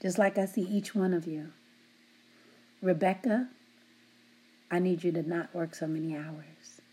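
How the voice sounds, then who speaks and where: Woman, middle-aged, husky, mellow, team supervisor, teasing, laughs a lot. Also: on the low side, steady tone, measured pace. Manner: laughs often, teasing yet heartfelt. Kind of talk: affectionate shout-outs to her team.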